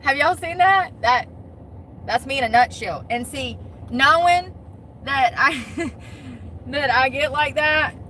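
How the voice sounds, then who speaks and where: Woman, high voice, bright and sharp tone, casual live-stream chat, laughs a lot, parked truck, phone mic, faint outside noise. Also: slow pace, pauses often. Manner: chatty, laughs often, greets viewers by name. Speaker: vlogger live-streaming to viewers.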